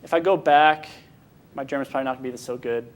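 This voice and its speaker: A young American man from Michigan giving an informal Sunday school talk, halting and often restarting his sentences before taking questions. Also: medium pitch, muffled recording, slight background noise. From Michigan, USA.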